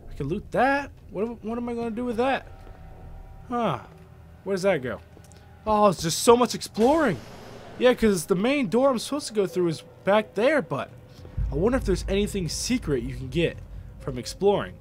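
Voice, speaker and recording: A young man hosting a let's play, reacting out loud with lots of swearing and animated outbursts. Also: high voice, normal speed, soft background music. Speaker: gaming video host.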